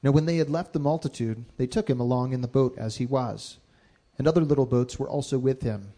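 A man reading Bible passages aloud in a steady, measured way during a sermon. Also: mid-range voice. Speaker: scripture reader.

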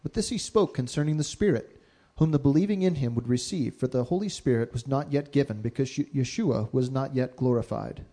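A man reading Bible passages aloud in a steady, measured way during a sermon. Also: medium pitch. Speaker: scripture reader.

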